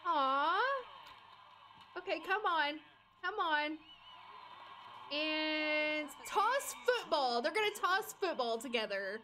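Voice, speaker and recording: A woman's voice: sits high, animated, unhurried, sharp tone, faint music behind. A young adult woman streaming a life-sim game, chatting, laughing and coaxing her characters along. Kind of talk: live game commentary.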